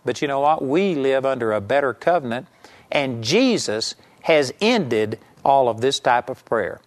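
A man's voice: medium pitch, expressive, a little slow. A man giving a televised Bible teaching, emphatic and rising sharply when he voices quoted pleas.

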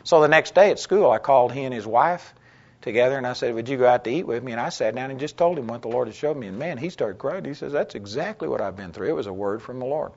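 A man teaching a Bible class, telling personal stories in a conversational way and getting louder and more animated when he quotes himself. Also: mid-range voice, quick pace, highs cut off. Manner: conversational storytelling, gets loud and animated when quoting himself.

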